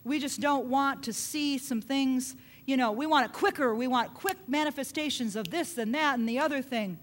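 Woman, high voice, sermon, dramatic scripture retelling, animated preaching. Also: normal speed.

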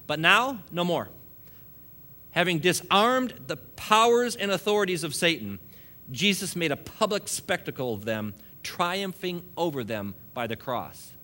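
A man's voice: sits high, sharp tone. A man preaching a sermon, joking and laughing between points and building emphasis as he goes.

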